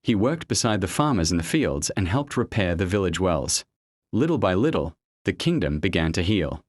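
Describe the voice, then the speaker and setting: A man narrating a folktale in a measured, expressive way. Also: low-pitched, no echo, clean studio sound. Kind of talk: scripted storytelling narration.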